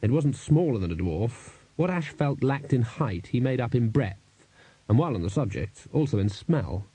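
Dark-voiced male audiobook narrator. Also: mid-range voice, sing-song, normal speed, breathy edge, dry recording. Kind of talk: scripted narration.

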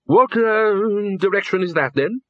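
A man's voice: high voice, animated, unhurried, no room sound, voice pushed up. Man doing a bellowing old head wizard. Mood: blustery. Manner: loud, bellowing, stammering. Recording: slightly dull lo-fi recording.

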